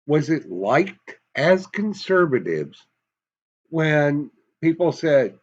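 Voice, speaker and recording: A man's voice: fairly high pitch, lively intonation, slow pace, muffled recording. A man with a Massachusetts accent giving an emphatic, folksy opinion monologue, full of rhetorical questions. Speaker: commentary vlogger.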